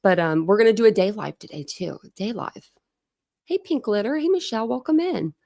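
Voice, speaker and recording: A woman's voice: mid-range voice, lively intonation, brisk, gravelly, darkish tone, dry recording, clean studio sound. A woman from Ohio hosting a casual true crime livestream, chatty and laughing often as she greets viewers by name. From Ohio, USA. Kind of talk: casual live-stream chat.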